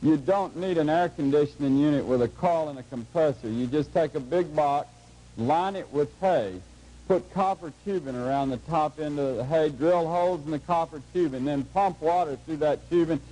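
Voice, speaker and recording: A middle-aged man gives a lecture to a class, telling a humorous story in a dry, unhurried, folksy way. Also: on the high side, dark tone, low-quality recording. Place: lecture hall before a live audience.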